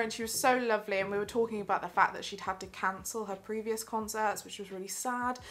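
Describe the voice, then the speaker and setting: A woman's voice: mid-range voice, steady tone, fast talker, hardly any pauses, a bit bright. A young woman chatting enthusiastically in a casual vlog about the theatre shows she has seen. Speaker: theatre vlogger.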